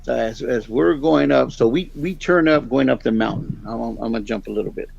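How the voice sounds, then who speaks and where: A middle-aged guest storyteller rambles through a long, casual tale, animatedly acting out the other people's lines. His mid-range voice is husky with vocal fry and a little fast, captured in a dry, dull lo-fi recording.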